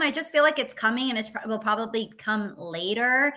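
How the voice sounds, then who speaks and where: A woman's voice: sits high, lively intonation, normal speed, pushed and bright. A woman co-hosting a casual sports talk show, thinking aloud with hesitant fillers. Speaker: co-host.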